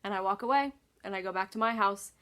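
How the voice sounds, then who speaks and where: A woman vlogger tells a story in a loose, casual way, sighing often, swearing freely and sounding exasperated. Her middle-pitched voice is fast, clear and resonant, with a sharp tone.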